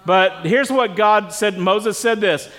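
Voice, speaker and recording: A man's voice: high-pitched, takes it slowly, a bit bright. A man preaching a conversational sermon to a congregation, often stopping to ask them questions. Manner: casual, quizzes the congregation with questions. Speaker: pastor. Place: church service with congregation.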